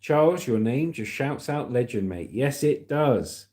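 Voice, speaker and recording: A man's voice: mid-range voice, expressive, a little slow, darkish tone. Chatty British man hosting a livestream. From Britain. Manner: chatty and upbeat, calls viewers mate and legend. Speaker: livestream host. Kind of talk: casual livestream chat reading viewer comments.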